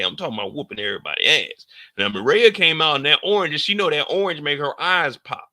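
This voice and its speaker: Bright-voiced man hosting a live reaction. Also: quick pace, dry recording. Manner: animated slangy storytelling with sudden loud, high outbursts. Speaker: live stream host reacting to a TV episode. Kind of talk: casual live reaction commentary.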